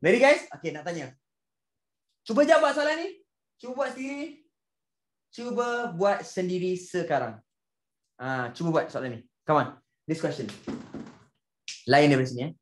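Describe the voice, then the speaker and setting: Lively Malaysian maths teacher man. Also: on the high side, fairly quick, pauses often, roomy sound. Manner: energetic, coaxing, mixes Malay and English. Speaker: primary school maths teacher. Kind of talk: lively online class.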